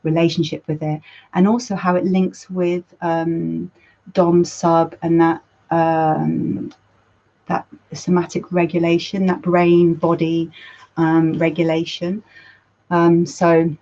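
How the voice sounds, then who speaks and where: Woman, counsellor hosting a chat, loose and self-correcting, a little low, dull lo-fi audio. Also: little pitch movement, takes it slowly, warm tone. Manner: rambling, self-correcting, laughs at herself, swears casually. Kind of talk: casual talk. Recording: dull lo-fi sound.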